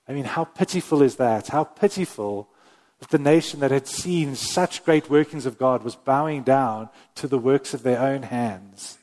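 Male pastor, mid pitch, earnest preaching with weighty pauses, long hall reverb. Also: darkish tone. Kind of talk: sermon.

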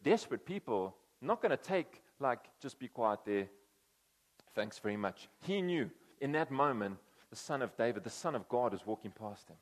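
A man's voice: mid-range voice, long reverb tail. A man preaching a conversational sermon, acting out quoted voices as he tells the story. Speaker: pastor.

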